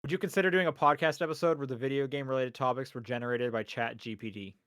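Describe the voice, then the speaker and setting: A man with an average-pitched voice co-hosts a casual video game podcast. He chats with wry, sarcastic asides. His voice is recorded close and dry, with no room sound. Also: steady tone, fast talker, a bit bright, no room sound. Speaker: podcast co-host. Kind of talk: casual chat.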